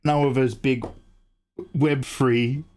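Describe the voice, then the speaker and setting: A man's voice: medium pitch, steady tone, slow pace, darkish tone, soft background music. A man chatting loosely on a drawing livestream, swearing, joking and greeting chat by name. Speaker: streamer and artist.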